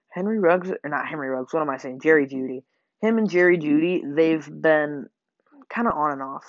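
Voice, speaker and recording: On a dull lo-fi home mic with a dry sound, a man with a fairly high pitch hosts a sports podcast. He wanders through his game predictions with plenty of fillers and corrections of himself.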